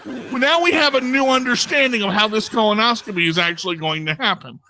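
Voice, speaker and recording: A man performing a stand-up comedy routine at a club, telling an animated story and acting out the voices of the people in it. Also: high voice, fairly quick, a little hiss or hum, rough recording.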